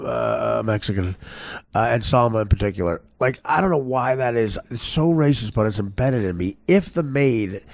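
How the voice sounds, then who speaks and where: Podcast host, gravelly rambler; animated pitch, dry close sound. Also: male voice, no room sound. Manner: rambling, stammering, laughing at his own jokes. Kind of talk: crude comedic storytelling.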